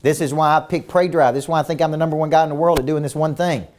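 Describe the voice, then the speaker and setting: This business coach has a slightly high, a little mellow voice with fairly even intonation, and he races along. Leading a virtual seminar, he's intense and emphatic, bombarding the audience with rhetorical questions and repeating words as he starts each point.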